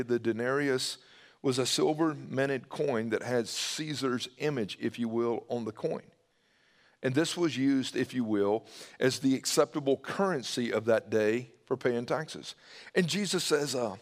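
A man preaching a sermon, swinging his pitch and loudness and dropping to a hushed voice when he quotes. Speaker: pastor.

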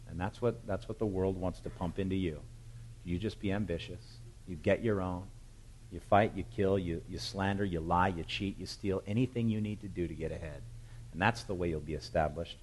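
A male pastor delivers an animated sermon, moving from scripture to lively commentary. His voice is deep with a husky grain. He leans hard into emphatic points and grows animated as the story builds. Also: poor audio.

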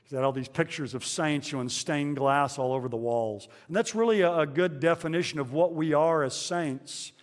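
A man's voice: on the high side, normal speed, hardly any pauses. Man preaching a sermon in a reverberant church. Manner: conversational preaching with frequent fillers and restarts. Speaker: pastor.

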